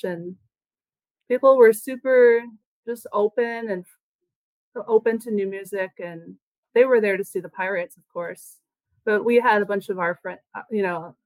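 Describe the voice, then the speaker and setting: A woman's voice: mid-range voice, no room sound, low-quality recording. A woman musician talking casually in an interview, chatty and loose, with lots of filler words. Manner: chatty, full of "like" and "you know" fillers. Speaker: musician and band member.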